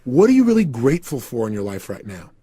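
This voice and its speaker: A man's voice: medium pitch, huge pitch swings, fast talker, warm tone, slightly rough, no echo. A man giving a guided motivational talk, emphatically firing repeated questions at the listener. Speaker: motivational speaker.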